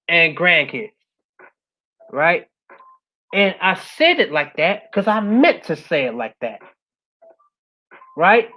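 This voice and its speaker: A woman speaking as a guest, giving a passionate motivational talk. She keeps asking "right?" and swings from loud urging to a soft, quiet close. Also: very animated, unhurried, long pauses, low-quality recording. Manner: passionate, repeats "right?" after most points; swings between loud urging and soft, low-key closing.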